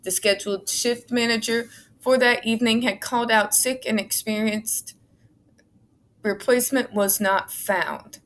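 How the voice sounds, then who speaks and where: A woman's voice: on the high side, steady tone, a little slow, fairly bright tone. A woman vlogger reading from a court report, breaking off for blunt, sarcastic, exasperated asides and frequent swearing. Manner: sarcastic asides between read passages. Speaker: advocacy vlogger.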